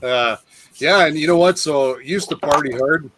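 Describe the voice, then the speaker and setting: A man's voice: on the high side, normal speed, background noise. A man hosting a casual chat, teasing and laughing often. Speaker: show host.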